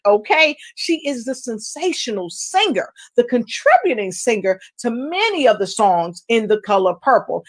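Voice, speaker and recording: A woman hosting a talk show, playfully hyping up each guest with rhymes as she introduces them. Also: mid-range voice. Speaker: host.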